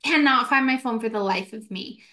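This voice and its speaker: A young woman in her twenties telling a ghost story in casual podcast chat, animated and full of "like" fillers. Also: on the high side. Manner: animated, fast, many "like" fillers, acts out quotes. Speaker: podcast co-host.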